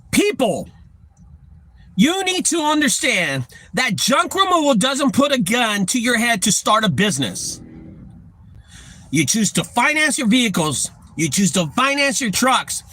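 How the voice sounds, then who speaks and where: A man's voice: sits high, sharp tone, no echo. A man with a Texan accent who owns a junk removal business, lecturing other owners in a blunt, profane rant to camera. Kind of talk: ranting talk to camera.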